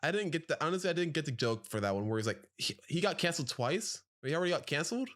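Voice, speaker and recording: A man from Louisiana co-hosting a podcast, chatting in an animated, teasing way with frequent laughs. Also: fairly high pitch, quick pace. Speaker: podcast co-host. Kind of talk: casual chat.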